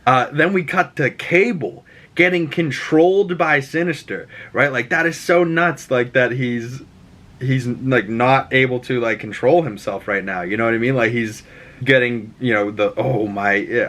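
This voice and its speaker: A man's voice: mid-range voice, moderate pace. Rambling, swearing Boston guy recapping a show. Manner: rambling, animated, swears, acts out lines. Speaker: podcast host.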